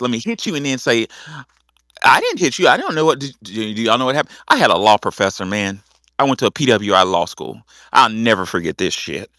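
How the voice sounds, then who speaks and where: A middle-aged man hosting a talk show, telling stories in a lively way, cussing freely and acting out the people he quotes. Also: medium pitch, dry recording, clean studio sound. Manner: animated storytelling with acted-out quotes; cusses freely. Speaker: host. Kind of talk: casual talk show monologue.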